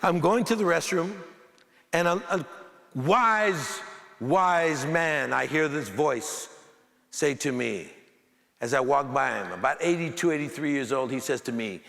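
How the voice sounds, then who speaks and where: Gravelly, slightly high man, keynote speaker, animated and playful with the crowd, reverberant auditorium. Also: measured pace. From United States. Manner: animated, emphatic, joking with the audience. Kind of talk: keynote speech with comic storytelling. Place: large auditorium before an audience. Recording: echoey hall with faint crowd.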